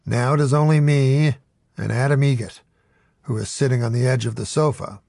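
Man, audiobook narrator, first-person story, wry, gravelly. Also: mid-range voice, moderate pace, darkish tone, no room sound, studio quality.

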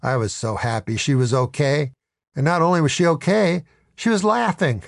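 A man telling a comic first-person story in a deadpan, mock-dramatic narration. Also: fairly high pitch, moderate pace, creaky, no room sound, clean studio sound.

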